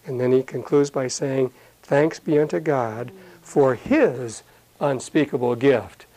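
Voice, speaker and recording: A man teaching a Bible passage verse by verse, talking conversationally with many fillers and slowing down when he reads the scripture aloud. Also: medium pitch, warm tone, rough recording.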